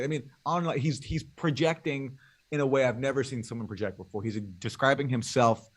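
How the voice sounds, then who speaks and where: Fast-talking mocking male co-host. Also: mid-range voice, steady tone. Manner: emphatic, mocking. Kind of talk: political commentary show.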